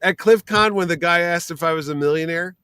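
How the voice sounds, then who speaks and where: A man chatting on a live stream, telling animated stories and slipping into voices of people he talks about. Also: fairly high pitch, a little fast, smooth. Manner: animated storyteller, slips into impressions. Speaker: convention producer, guest. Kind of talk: casual live-stream chat.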